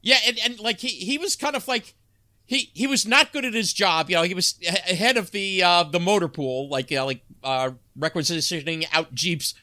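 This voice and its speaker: A man's voice: high voice, pushed and bright. A man co-hosting a sitcom podcast, chatting casually with frequent restarts and laughter. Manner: halting, lots of restarts and laughs. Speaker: podcast co-host. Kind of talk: casual chat.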